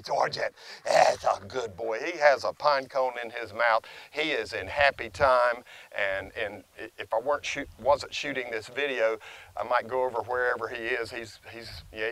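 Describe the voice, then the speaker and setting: An older man, a dog trainer, talking in a lively, folksy way outdoors with his dog on a close lapel mic. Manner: lively, folksy, praises the dog in a high sing-song. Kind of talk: casual outdoor training vlog.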